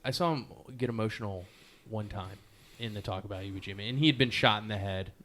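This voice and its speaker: A man with a fairly low voice shares stories as a podcast guest. He speaks casually, filling pauses with fillers and laughing at his own slip-ups. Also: slight background noise. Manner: animated, laughs at himself, many fillers; slow, measured poetry reading. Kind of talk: casual storytelling interview.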